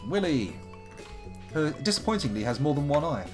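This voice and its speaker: A man's voice: on the high side, sing-song, moderate pace, faint music behind. A man giving chatty, wry let's-play commentary as a game streamer. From United Kingdom. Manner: chatty, wry, reads characters aloud in silly voices.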